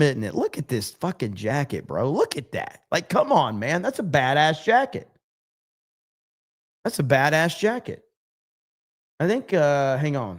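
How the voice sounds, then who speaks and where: Man, livestream host, somewhat high voice, loose profane chatter, reads comments aloud. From United States. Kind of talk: casual livestream chat reading comments.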